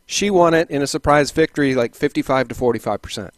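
A man's voice: mid-range voice, fast talker, dry recording. A man hosting an interview over a video call, plainly summarizing details for the audience. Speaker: host.

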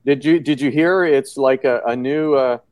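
A man's voice: medium pitch, normal speed, darkish tone, no room sound. A man co-hosting a political chat show who talks sarcastically and rambles with many fillers. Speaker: show host.

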